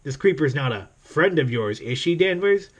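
A man's voice: a little high, expressive, normal speed, breathy edge. A man voicing a smug, cocky male space rogue from a comic, in a sneering, mocking tone.

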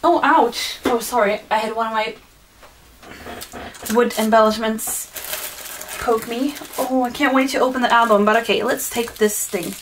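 A woman chatting casually at home while unboxing a gift package. She gushes excitedly and fills her talk with fillers and apologies. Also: fairly high pitch, moderate pace, long pauses, a little hiss or hum. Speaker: vlogger opening a gift swap package. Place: at home indoors, in the evening.

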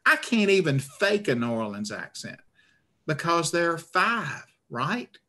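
A man's voice: on the high side, sing-song, unhurried, pushed and bright. A man with a northern Alabama accent, an author in a video-call interview, talking in a rambling, stammering, self-deprecating way. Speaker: author guest. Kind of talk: conversational interview.

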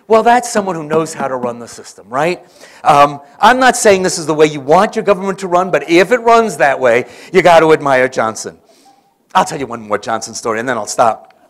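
A man's voice: on the high side, lively intonation, moderate pace. A man giving a conference lecture, telling political stories and acting out the quoted voices. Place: conference hall.

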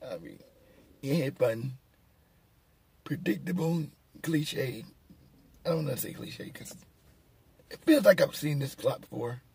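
A man's voice: mid-range voice, big pitch swings, unhurried, gravelly, pauses often, a little mellow, slightly rough. A man giving a casual, rambling film review, sarcastic and mocking, chuckling at his own jokes. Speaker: movie reviewer.

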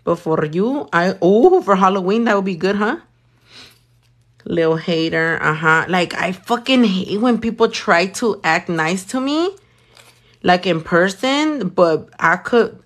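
A woman's voice: mid-range voice, lively intonation, measured pace. A young woman doing her nails while chatting with live viewers, blunt and sassy, swearing often. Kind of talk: casual chat with live viewers.

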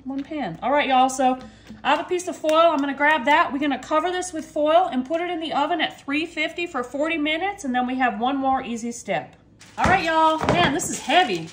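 A cooking vlogger with a high voice chats casually to her viewers while cooking in her home kitchen, calling them y'all. There's a little hiss or hum in the recording.

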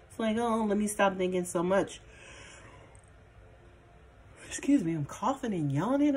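Blunt, chatty woman tarot reader on the lower side of pitch; loose, casual delivery with profanity. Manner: chatty and blunt, swears casually, many fillers. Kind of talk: casual tarot reading monologue.

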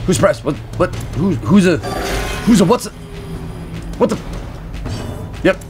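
A man streaming a game live, chatting excitably with crude outbursts at home, with faint game music behind him. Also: high-pitched, unhurried, pauses often. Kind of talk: live gameplay commentary. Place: apartment room at home.

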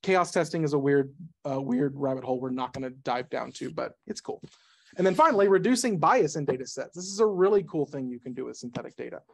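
A man giving a casual technical talk at a meetup, who talks quickly, breaks off mid-sentence and drops jokey asides. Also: medium pitch, expressive, creaky. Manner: rapid, self-interrupting, jokey asides. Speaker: conference speaker. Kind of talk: casual tech presentation. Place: meetup presentation room.

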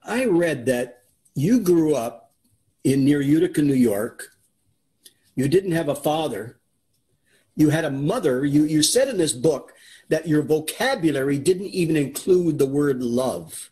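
A man's voice: on the high side, animated, measured pace, mellow. A man hosts a video call interview in a casual, earnest way, talking straight to viewers. He often doubles back on a word before going on. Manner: earnest, repeats words while he talks. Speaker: interviewer, host.

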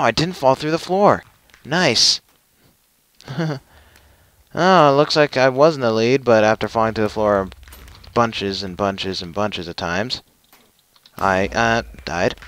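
A man's voice: medium pitch, a bit bright. A young man commentating his own gameplay, with frustrated, self-mocking outbursts. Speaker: gaming channel host.

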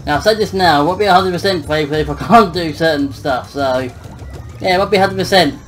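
A man's voice: on the high side, fast, a bit bright, faint music behind, rough recording. A young man giving casual, joking let's-play commentary, muttering and swearing at the game. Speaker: gameplay commentator.

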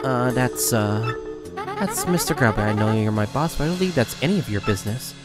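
A man voicing a guarded woman arena manager in a flat, formal, clipped tone. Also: medium pitch, brisk, loud music behind the voice, voice pushed down.

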